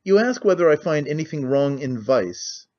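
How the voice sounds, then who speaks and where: A man's voice: on the high side, very animated, moderate pace, darkish tone. A man voicing a brooding young man who asks terse, accusing questions, on a muffled lo-fi recording.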